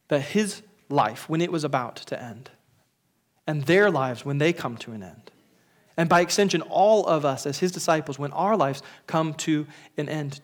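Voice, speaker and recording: A pastor with a slightly high voice delivers a funeral sermon, earnest and searching. He often restarts his words and sometimes drops to a whisper.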